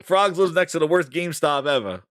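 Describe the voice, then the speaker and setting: A man hosting a casual gaming podcast, playful and teasing, with frequent laughter. His pitch moves a lot as he talks. The recording is close and dry. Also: lively intonation, fairly quick, fairly bright tone, dry recording. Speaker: podcast host. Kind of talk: casual chat.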